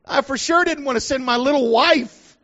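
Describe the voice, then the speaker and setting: Middle-aged man, very high voice, folksy preacher telling stories, dull lo-fi recording. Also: normal speed, sharp tone. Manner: folksy storyteller, acts out quotes. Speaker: pastor. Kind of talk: sermon with personal story. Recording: dull lo-fi sound.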